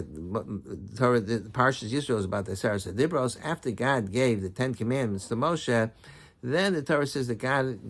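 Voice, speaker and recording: A man's voice: on the low side, vocal fry. A middle-aged man, a rabbi, telling a story in a sermon, often restarting and repeating words.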